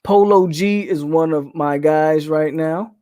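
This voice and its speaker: High-voiced opinionated man, casual host. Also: slow, dark tone, no room sound, clean studio sound. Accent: Southern US. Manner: loose, opinionated, trails off and restarts. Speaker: podcast host reading chat questions. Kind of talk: casual live-stream chat.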